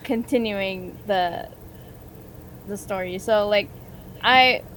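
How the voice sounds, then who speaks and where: A woman's voice: medium pitch, slow pace, fairly bright tone, a little hiss or hum. A woman guest on a podcast in casual chat, easily amused and often exclaiming.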